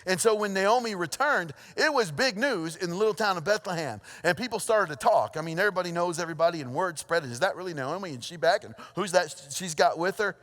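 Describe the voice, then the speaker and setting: A pastor preaching a sermon, telling a story with lively energy, then dropping to a hushed, earnest tone. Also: male voice, high voice, fast talker, few pauses. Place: church auditorium. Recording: long hall reverb.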